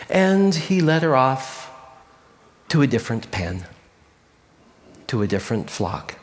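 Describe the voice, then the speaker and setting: A man telling a story in a sermon, expressive and often dropping to a hushed voice. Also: mid-range voice, unhurried, long pauses, big-room sound.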